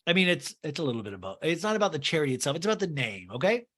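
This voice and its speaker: A man's voice: on the high side, very animated, rapid-fire, pushed and bright. A man hosting a podcast and recapping a reality TV episode with sarcastic, exasperated commentary. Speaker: podcast host. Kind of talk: comedic TV recap.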